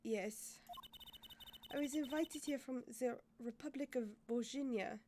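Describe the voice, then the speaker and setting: A woman voicing a calm, mysterious foreign woman singer in a game playthrough, speaking softly and with measured care. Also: sits high, slight background noise. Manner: soft, slow and measured.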